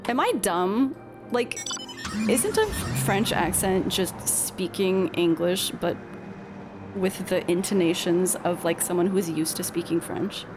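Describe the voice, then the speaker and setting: A woman's voice: on the low side, expressive, measured pace. A young woman streaming a game, chatting casually and reading dialogue aloud with rambling, self-deprecating asides. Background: game music.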